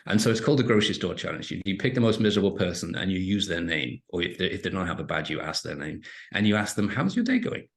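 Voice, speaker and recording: Podcast guest: middle-aged man, very deep voice, lively anecdotal delivery with frequent restarts. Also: fast talker, few pauses. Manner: animated storytelling with frequent restarts. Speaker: interview guest, entrepreneur and author. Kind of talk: casual podcast interview.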